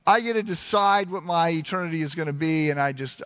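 A man's voice: a little high, fairly quick, hardly any pauses, fairly bright tone, clean tone, in a large hall. A man preaching a sermon in a conversational, emphatic way, often restarting his phrases. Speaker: pastor.

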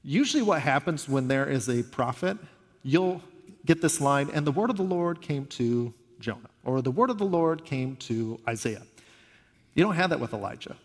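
Man, pastor, sermon, earnest, conversational, lively storytelling, long hall reverb. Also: mid-range voice.

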